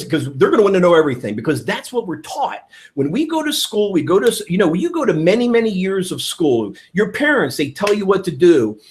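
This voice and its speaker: A man giving an energetic training talk on network marketing, enthusiastic and repeating his key points. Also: fairly high pitch.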